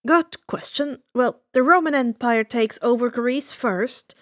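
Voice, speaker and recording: Woman reading a calm, explaining teen boy. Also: fairly high pitch, measured pace, no echo, studio quality, lightly acted. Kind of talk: fan fiction audiobook reading.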